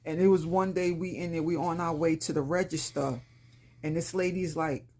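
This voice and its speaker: A woman in her fifties from Brooklyn, New York, with a Brooklyn accent and a rough, slightly raspy voice, chatting casually to viewers about a shopping haul in a plain-spoken way with slang. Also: fairly low pitch, fairly even intonation, moderate pace, dark tone. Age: 50s. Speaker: lifestyle vlogger.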